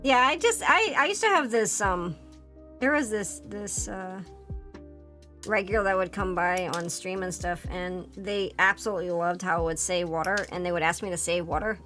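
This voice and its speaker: Woman, Philadelphia accent, casual streamer chat, rambling and quick to laugh. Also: fairly low pitch, sharp tone, soft background music. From Pennsylvania, US. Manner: chatty, rambling, laughs often.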